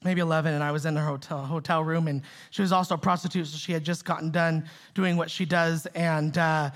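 A man's voice: on the high side, flat delivery, fairly quick. A man preaching a sermon as pastor, emphatic and conversational, repeating key phrases and checking in with "right?" and "see?". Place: church in the Bay Area.

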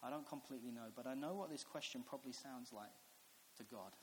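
A man's voice: mid-range voice, fast talker. A man, preaching a sermon in a chatty storytelling way that builds to earnest reflection. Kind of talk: sermon with personal stories. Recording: echoey hall with faint hiss.

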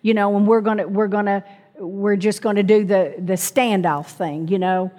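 A woman's voice: mid-range voice, fairly even intonation, normal speed, warm tone, big-room sound. A middle-aged woman preaching a sermon to a congregation, calling out for amens and asking them to repeat after her. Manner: calls out to the congregation, asks for amens.

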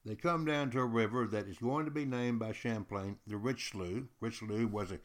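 A man telling a history story aloud in a lively, folksy way, speaking straight to the listener. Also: lowish voice, fairly quick. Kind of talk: oral storytelling.

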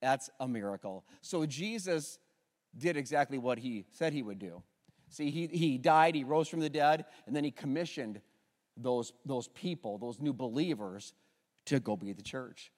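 Opening a Sunday service in a church sanctuary, a pastor with a mid-range, slightly mellow voice speaks at a moderate pace, and his words carry a long reverb tail. He leads the congregation in call-and-response as a sermon introduction, working up to presenting a guest speaker.

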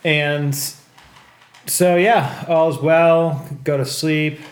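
A man telling a story from his life in casual podcast chat, rambling and swearing, with excited bursts at the tense parts. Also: on the high side, very slow. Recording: echoey room with faint background noise.

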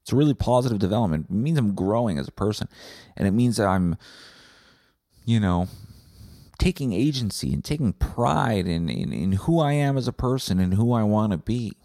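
Male podcast host, low dark voice, swearing rant. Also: animated, moderate pace, dry recording, studio quality. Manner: profane, combative ranting. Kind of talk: comedic rant monologue.

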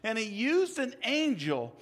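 A male preacher with a high voice works through a sermon as a story. He rises and drops dramatically, sometimes hushing low and sometimes swelling up. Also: wildly swooping pitch, a little slow. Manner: dramatic storytelling, big swings in pitch and loudness.

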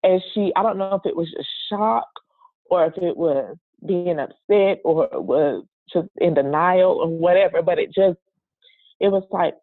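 A woman telling an emotional personal story in an interview, speaking in a halting, earnest way. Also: on the low side, dry recording. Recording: dry, tinny phone-like sound.

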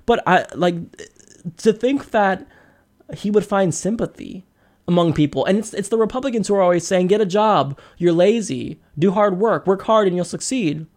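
A man hosting a podcast, giving casual political commentary in an animated, sarcastic way, with quick asides. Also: high voice. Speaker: podcast host.

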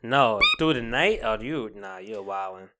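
A young man co-hosting a casual podcast, telling animated stories full of swearing and laughter. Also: lowish voice, unhurried, very noisy. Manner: animated storytelling, swears a lot, laughs often. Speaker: podcast co-host. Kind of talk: casual chat.

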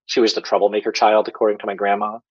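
Male guest storyteller, low husky voice, casual and filler-heavy, muffled lo-fi recording. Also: completely flat delivery, very fast. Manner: rambling, filler-heavy, chuckles while talking. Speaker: podcast guest telling his story.

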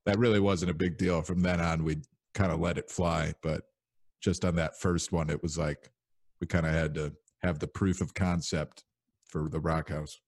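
Young male podcast host, very deep voice, loose rambling storyteller. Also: level tone, normal speed, a little mellow. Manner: rambling storyteller, many fillers. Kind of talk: casual chat.

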